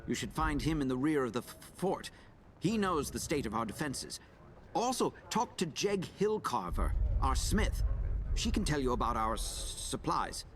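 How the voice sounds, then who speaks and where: A man's voice: mid-range voice, big pitch swings, normal speed, a bit bright, a little hiss or hum. A man voicing a courteous male commander of a besieged fort in a game, speaking formally and handing out orders. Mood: earnest.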